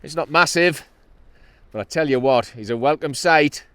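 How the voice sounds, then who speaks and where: A man's voice: a little high, normal speed, fairly bright tone, no echo. Chatty Geordie man fishing from a kayak. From North East England. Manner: cheerful, chatty, breaks into laughs and exclamations. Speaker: kayak angler and channel host. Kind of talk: casual outdoor fishing commentary. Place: on a kayak at sea, outdoors.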